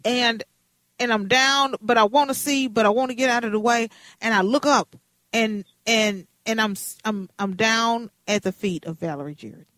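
A woman in her fifties, a radio host, telling a story in a lively, dramatic, playful way. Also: a little high, moderate pace, no room sound. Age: 50s.

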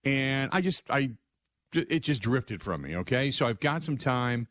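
A middle-aged man hosting a sports radio show, telling stories in an excitable, conversational way and acting out other people's lines. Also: medium pitch, unhurried, no room sound. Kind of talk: animated storytelling monologue.

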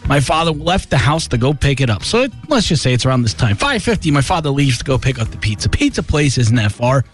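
A man's voice: medium pitch, sing-song, fast, faint music behind. A male radio host telling a casual story and acting out the voices of his family. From New Jersey.

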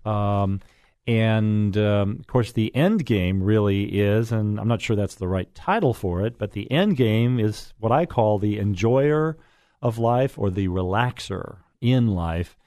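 A man's voice: lowish voice, a little slow, dark tone, no echo, studio quality. Chatty middle-aged man hosting radio. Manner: folksy and chatty, with many fillers. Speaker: radio real estate show host. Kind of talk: casual radio talk show chat. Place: radio studio.

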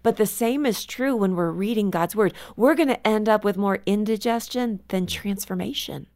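A woman author as a guest on a faith interview show, telling stories in an earnest, reflective way and slowing down for emphasis. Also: medium pitch, darkish tone. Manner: earnest, storytelling, slows down for emphasis. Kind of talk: conversational radio interview.

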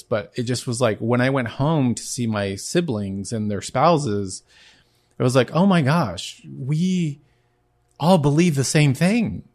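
A man hosting his own podcast, telling a personal faith testimony in an earnest, halting way, often restarting his sentences. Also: on the low side. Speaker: podcast host.

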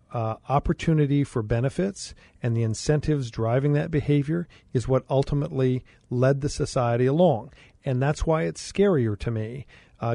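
A man talks as a guest on a studio radio show, his voice gravelly and dark. He speaks in a measured way and agrees with firm emphasis. The sound is dry and close to the mic. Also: medium pitch, no echo. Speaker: studio guest, attorney and former mayor. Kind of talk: radio talk show discussion.

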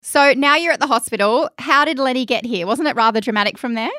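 A woman hosting a podcast, bubbly and quick to laugh. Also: sits high, sharp tone, dry recording, clean studio sound. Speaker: podcast host. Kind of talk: casual chat.

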